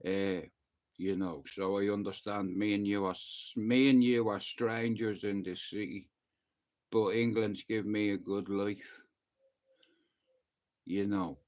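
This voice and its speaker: A man's voice: on the low side, steady tone, slow pace, long pauses, darkish tone. An Irish man telling a story casually on a live stream, rambling and blunt, swearing freely. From Ireland. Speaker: livestreamer.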